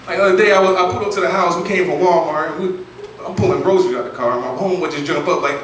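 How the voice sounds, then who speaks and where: A man's voice: high-pitched, quick pace, a bit bright. A man doing a stand-up comedy set, telling a profane, slangy story and acting out his friends' voices. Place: comedy club stage. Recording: echoey room from far off, noisy.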